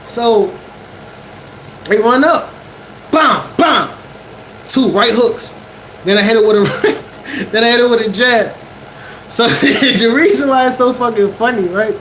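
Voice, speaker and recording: A man with a high voice spins a story for his livestream chat, animated and quick to laugh, his talk full of casual profanity and slang. A steady air-conditioner hum runs loud behind him. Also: rough recording. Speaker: livestreamer telling stories to chat.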